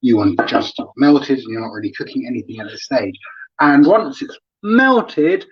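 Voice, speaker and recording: A man hosting a live cooking demo, relaxed and chatty, laughing often as he explains each step. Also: medium pitch, moderate pace, very noisy. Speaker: cooking show host. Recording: dull lo-fi sound.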